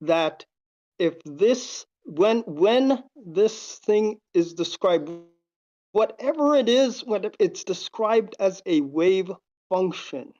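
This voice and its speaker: A caller in a live debate who asks questions slowly and hesitantly, with many halts and fillers. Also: mid-range voice, lively intonation, a little mellow, muffled recording. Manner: slow, hesitant, halting questions. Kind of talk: casual debate on a live call.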